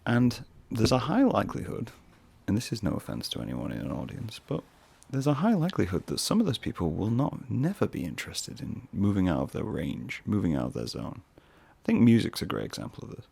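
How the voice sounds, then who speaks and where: His lowish voice swoops wildly in pitch, and it's creaky, husky and a little mellow as he talks fairly quickly. He's a man hosting his own podcast, musing in a rambling solo chat with self-deprecating asides.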